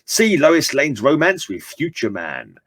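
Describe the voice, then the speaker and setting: A man's voice: a little high, sing-song, a little slow, fairly bright tone, husky, dry recording. A man reading an old comic book aloud and dropping chatty asides to his viewers. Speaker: comic book reader and channel host.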